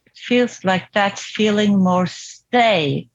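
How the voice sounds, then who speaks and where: Over a video call with lo-fi sound, a woman in a therapy session speaks slowly in a mid-range voice. She's reflective and hesitant, restarting sentences and laughing softly.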